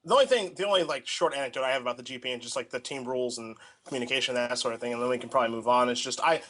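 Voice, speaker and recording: A man's voice: mid-range voice, racing, fairly bright tone, slight background noise. A young man co-hosting a casual chat, telling rambling anecdotes packed with filler words. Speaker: podcast co-host.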